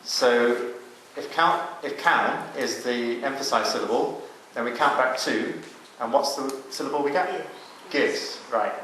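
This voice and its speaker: A man's voice: mid-range voice, measured pace, few pauses, fairly bright tone, slight background noise. A man leading a psalm chanting workshop, explaining each step to the group and singing example lines. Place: cathedral. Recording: very echoey cathedral with music.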